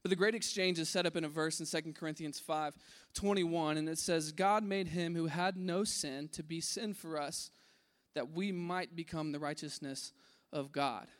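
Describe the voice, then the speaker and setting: A man preaching a casual sermon to a room, animated, acting out voices in his story and dropping to a hush at key points. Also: a little high, moderate pace, in a large hall. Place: large room with an audience.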